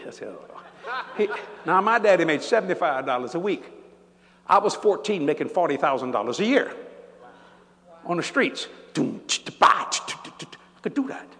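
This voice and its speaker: A man's voice: on the high side, big pitch swings, moderate pace, fairly bright tone. An older man preaching a sermon, telling stories animatedly and laughing along as he goes. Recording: church hall reverb.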